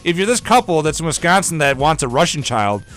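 A man's voice: a little high, sing-song, fairly quick, fairly bright tone, soft background music. A man hosting a casual, jokey news chat on a radio show, rambling between stories. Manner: rambling, jokey, breaks into mock singing.

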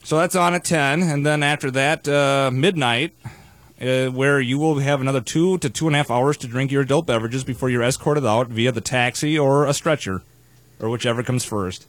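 A man's voice: medium pitch, normal speed, dry recording. A man hosting a live radio show in a studio, talking in a wordy, playfully pompous way with casual banter.

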